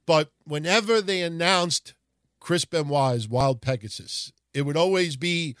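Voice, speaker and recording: A man hosting a casual wrestling history podcast, rambling through old results in a profane, animated way. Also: a little high, unhurried, no echo, studio quality. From Italian heritage. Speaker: podcast host.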